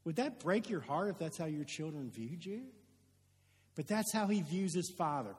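A man preaching a sermon, retelling a story with rhetorical questions and shifting from loud emphasis to hushed asides. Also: fairly high pitch, animated, normal speed. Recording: long hall reverb.

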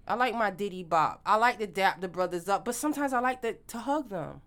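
A woman's voice: medium pitch, fairly bright tone, smooth. A woman in casual chat, talking emphatically and animatedly, swearing freely.

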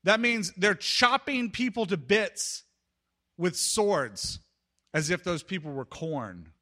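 Bright-voiced man preaching with dramatic swings. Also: sits high, expressive. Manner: dramatic, swings between loud outbursts and hushed pauses. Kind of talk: sermon storytelling.

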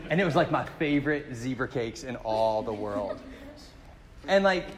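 Male pastor, upper-middle pitch, casual joking sermon delivery, church hall echo. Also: a bit bright. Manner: conversational storytelling with jokes.

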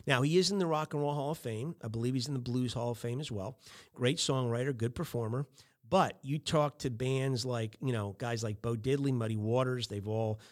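A man's voice: mid-range voice, normal speed. A middle-aged man hosting a podcast, giving casual coaching on small talk with lots of fillers and acted-out sample chats. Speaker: podcast host.

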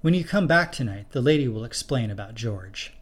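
A man's voice: medium pitch, lively intonation, brisk, natural voice. A man reading the part of an old male nursing home resident who talks bluntly and eagerly.

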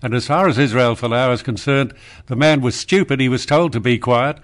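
Fields: Figure: veteran radio host, played by a man. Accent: Australian. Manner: dry, wry, unhurried. Pitch: mid. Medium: comedy radio sketch. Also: close to an everyday voice.

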